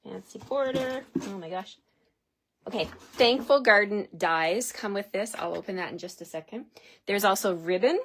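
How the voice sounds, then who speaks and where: A woman hosting a live craft demonstration, chatty and excitable, gushing over each product as she unpacks it. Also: mid-range voice, moderate pace, slight background noise.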